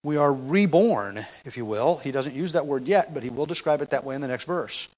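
A middle-aged man teaches an expository sermon on a Bible passage in a conversational way, pressing hard on key phrases amid frequent fillers and restarts. His medium-pitched voice is expressive, brisk, and a little mellow, on a rough recording.

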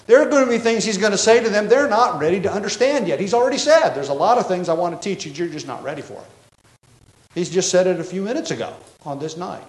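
A man's voice: high-pitched, lively intonation, fast. A man pastor preaching an expository sermon, emphatic and explanatory, with frequent self-corrections. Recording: echoey room.

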